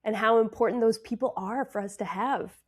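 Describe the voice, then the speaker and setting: A woman's voice: fairly high pitch, fairly quick, slightly rough. A young woman with a Canadian accent, an actress and dancer, talking earnestly and reflectively as an interview guest. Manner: reflective, earnest, many fillers. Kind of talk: conversational interview.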